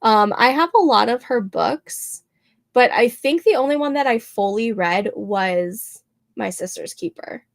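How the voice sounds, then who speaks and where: A woman's voice: fairly high pitch, animated, unhurried, creaky. A young woman hosting a writing livestream, chatting casually and laughing often as she reads out comments from viewers. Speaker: livestream host.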